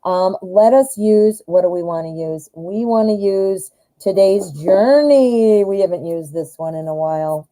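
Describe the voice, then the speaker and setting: Woman, tarot reader, live-stream host, excitable, giggly, mellow warm voice, middle pitch. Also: measured pace, hardly any pauses, poor audio. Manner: excitable and giggly, often gushing. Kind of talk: chatty live tarot reading.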